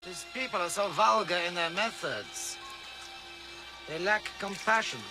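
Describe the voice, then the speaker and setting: An actor playing a cold, menacing Russian army colonel with a Russian accent, speaking in clipped commands. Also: male voice, high-pitched, a little slow, over music. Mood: cold menace. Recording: film clip under loud score.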